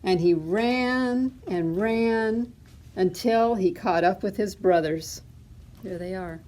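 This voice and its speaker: A woman librarian reading a picture book aloud at children's storytime, expressive and asking little questions. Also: medium pitch, slow.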